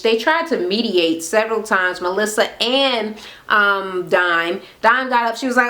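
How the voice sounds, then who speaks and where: A woman talks straight to her camera, recapping a reality TV episode. She is blunt and sarcastic, and she swears constantly. Her voice sits in an ordinary middle pitch. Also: measured pace. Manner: blunt, sarcastic, heavy swearing, animated retelling. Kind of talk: casual profane recap rant. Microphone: camera mic.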